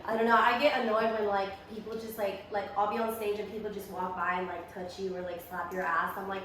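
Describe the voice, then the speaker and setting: A young woman co-hosting a podcast, speaking frankly and profanely with halting, filler-heavy phrasing. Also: medium pitch, fairly even intonation, background noise. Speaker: podcast co-host. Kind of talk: casual chat. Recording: echoey room, mic far off.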